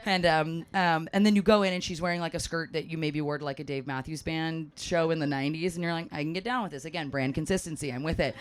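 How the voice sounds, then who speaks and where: A woman telling an animated, self-mocking story to a live audience, often acting out what others said. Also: deep voice, fast talker, hardly any pauses. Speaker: panel speaker at a live event.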